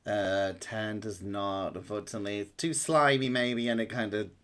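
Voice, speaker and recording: A man's voice: fairly low pitch, steady tone, normal speed, a bit bright. A man with a Mancunian accent, narrating a tabletop game as the dungeon master and laughing often.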